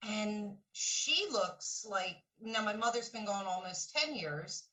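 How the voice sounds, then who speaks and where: A woman's voice: medium pitch, expressive, slow, sharp tone, distant mic, poor audio. A middle-aged woman from the Philadelphia area, a caller recounting a dream in earnest, vivid detail.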